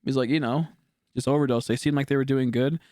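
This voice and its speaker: A man's voice: mid-range voice, steady tone, fast, warm tone, no echo, studio quality. A man streaming, chatting casually with viewers in a rambling way, with lots of filler words and frequent swearing.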